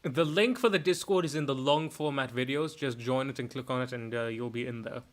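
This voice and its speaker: A man's voice: mid-range voice, fairly quick. A man streaming while he makes art, chatting casually in a rambling, jokey way. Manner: rambling and jokey, many fillers.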